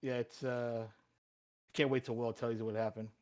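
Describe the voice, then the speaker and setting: A man's voice: medium pitch, level tone, moderate pace. Casual man chatting at a game table. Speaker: player.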